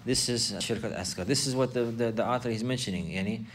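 Male religious teacher, mid pitch, repeats himself for emphasis, slight background hiss. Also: quick pace, fairly bright tone. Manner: repetitive, explanatory, emphatic. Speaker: Islamic teacher. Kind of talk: religious lesson.

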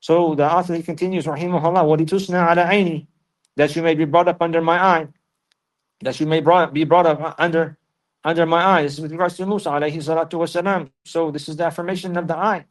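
Speaking fast in a fairly high voice with fairly even intonation, a male Islamic teacher gives a religious lesson. He recites verses in Arabic before explaining them in English, often repeating phrases to stress them.

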